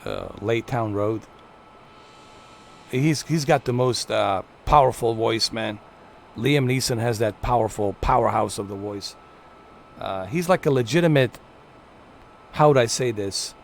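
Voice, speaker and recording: A man's voice: medium pitch, measured pace, gravelly, long pauses, slight background noise. A man streaming a flight game, giving chatty, playful live commentary to his viewers. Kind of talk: casual gameplay commentary.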